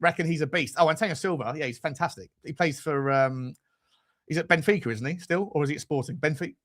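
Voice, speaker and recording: A man hosts a fan live stream, reading out super chats. His voice sits a touch high and sounds bright and sharp. He rambles and swears, drifting off on tangents. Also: quick pace. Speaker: fan channel host.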